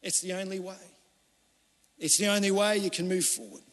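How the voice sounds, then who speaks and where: A man delivering a sermon, his voice pitched fairly high for a man. He moves between fervent, urgent appeals and quiet, intimate pleading. The sound rings out with the long echo of a large church hall. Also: steady tone, normal speed. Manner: impassioned preaching, swinging from urgent cries to hushed pleading. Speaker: pastor.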